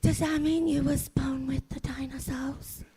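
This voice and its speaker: A woman's voice: sits high, flat delivery, unhurried, mellow, pitched above the performer's own voice. A woman voicing a startled five-year-old child who asks a blunt, incredulous question. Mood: amazed.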